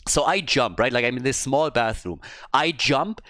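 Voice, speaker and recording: A man casting a live video game match, talking casually, swearing freely and breaking into animated stories. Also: medium pitch, normal speed, dry recording. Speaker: esports caster.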